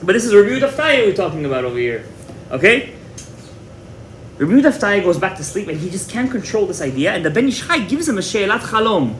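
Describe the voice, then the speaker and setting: A man's voice: high-pitched, big pitch swings, fast talker, fairly bright tone, slight background noise. A man teaching a Torah class as a rabbi, retelling a story dramatically, repeating words and mixing in Hebrew terms. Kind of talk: animated storytelling lecture.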